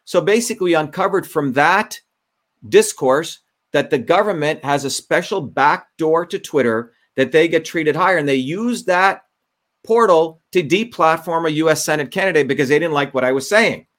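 A man's voice: fairly high pitch, expressive, moderate pace, fairly bright tone. A man who is a Senate candidate, talking emphatically in an interview, repeating his points and often restarting his sentences. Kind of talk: interview talk, recounting a story.

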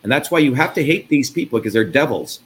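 A man's voice: mid-range voice, animated, fast talker, slight background noise. Angry profane man ranting. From India. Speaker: host. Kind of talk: heated interview talk.

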